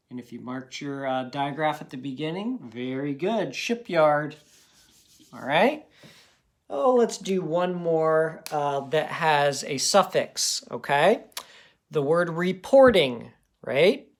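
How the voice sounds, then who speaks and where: In a recorded phonics lesson for young students, a man with a slightly high voice teaches patiently and encouragingly, sounding out words one part at a time.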